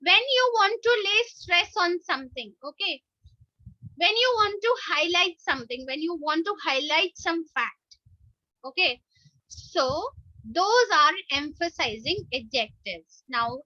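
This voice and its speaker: A woman teacher with an Indian English accent, giving an online class lesson slowly and answering her own questions. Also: very high-pitched, pushed and bright, no echo. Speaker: school teacher. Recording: dull lo-fi sound.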